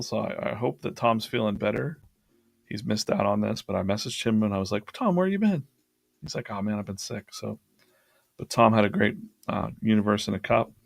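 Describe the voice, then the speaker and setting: Gravelly, chatty man hosting a drawing stream. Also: on the low side, no echo. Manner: chatty, rambling, laughs often. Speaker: artist hosting a drawing livestream. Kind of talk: casual livestream recap.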